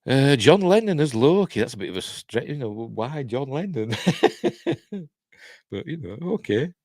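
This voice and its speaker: An older Yorkshireman hosting a live news stream muses aloud casually, offering wry asides that trail away. His mid-range voice is very animated and a bit dark in tone, at a measured pace, in a dry, studio-quality recording.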